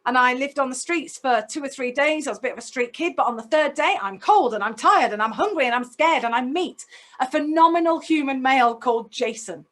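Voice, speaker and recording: A woman's voice: high-pitched, lively intonation, brisk, fairly bright tone. A woman telling a personal story in a talk, intense and emotional, putting direct questions to her listeners. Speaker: speaker.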